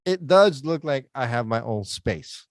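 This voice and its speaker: A man's voice: medium pitch, lively intonation, unhurried, no room sound, studio quality. A man co-hosting a casual podcast chat, rambling and joking with frequent laughs. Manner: rambling, jokey, laughs often. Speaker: podcast co-host.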